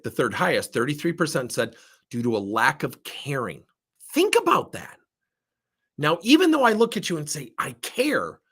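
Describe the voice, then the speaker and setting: Lively husky male coach. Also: mid-range voice. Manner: animated storytelling, acting out dialogue. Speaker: leadership coach. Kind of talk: workshop talk.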